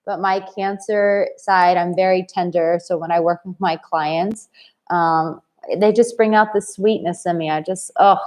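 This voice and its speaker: A woman's voice: fairly low pitch, fairly even intonation, unhurried, a little mellow. A woman in her late thirties, a dating coach talking in a live stream, blunt and effusive as she reads viewers' comments aloud. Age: 30s. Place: home in Bali.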